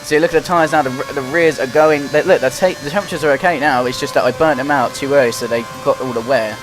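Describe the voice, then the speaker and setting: A young man giving running play-by-play commentary while playing a racing game, getting excited and frustrated as he drives. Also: mid-range voice, quick pace. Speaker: gaming commentator. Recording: loud game music behind the voice. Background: game music and engine noise.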